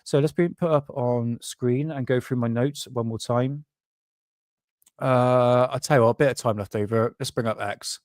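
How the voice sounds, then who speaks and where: A man's voice: medium pitch, fairly even intonation, normal speed, darkish tone, dry recording, studio quality. A man who hosts a paranormal livestream. He rambles casually, laughs often and swears freely.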